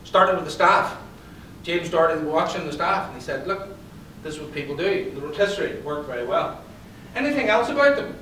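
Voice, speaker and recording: A man giving a motivational talk to an audience, telling stories and quizzing the crowd in a lively way. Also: a little high, normal speed, a little hiss or hum. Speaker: conference speaker and psychologist. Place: event hall. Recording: roomy hall, distant pickup.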